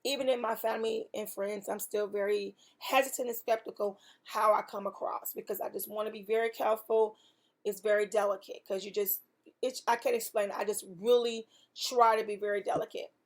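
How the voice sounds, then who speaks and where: A woman's voice: medium pitch, steady tone, brisk. A woman hosting a faith podcast, telling a testimony in an earnest, emphatic way with preaching repetition. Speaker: podcast host.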